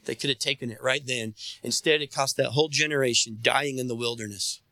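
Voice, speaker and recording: A man's voice: mid-range voice, steady tone, brisk, bright, forceful tone, dry recording. A man preaching a sermon as pastor, calling on his listeners to respond and repeat after him. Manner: preaching, calls on the congregation to respond.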